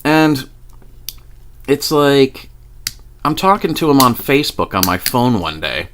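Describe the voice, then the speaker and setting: A man's voice: medium pitch, sing-song, a little slow, a bit bright, a little hiss or hum. A man telling a story to camera in a casual, profane way, laughing often. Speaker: vlogger.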